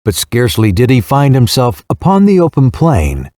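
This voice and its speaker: A man narrating a classic novel as an audiobook, with measured, expressive storytelling. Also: medium pitch, no room sound, studio quality.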